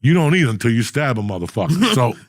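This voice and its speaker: A man's voice: medium pitch, very animated, fast, dry recording, studio quality. A middle-aged man hosting a casual chat, telling blunt, profane stories in a rambling way. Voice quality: gravelly, husky. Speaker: podcast host.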